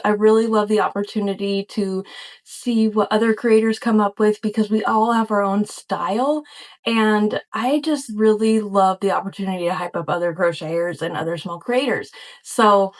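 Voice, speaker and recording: A young woman chatting casually in a crochet unboxing vlog, gushing and excitable as she opens a package. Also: mid-range voice. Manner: gushing, excitable, lots of "oh my gosh". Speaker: crochet vlogger and small business owner.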